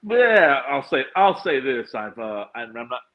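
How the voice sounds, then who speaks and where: A man's voice: mid-range voice, unhurried. Exclaiming man on a muffled track. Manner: exclamatory and animated, with frequent restarts. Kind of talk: casual chat. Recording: dull, muffled lo-fi sound.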